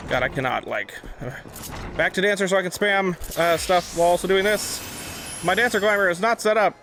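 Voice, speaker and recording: A man's voice: high-pitched, moderate pace, a bit bright, a little hiss or hum. A man hosting a casual let's-play, chatty and filler-heavy, easily sidetracked. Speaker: gameplay host.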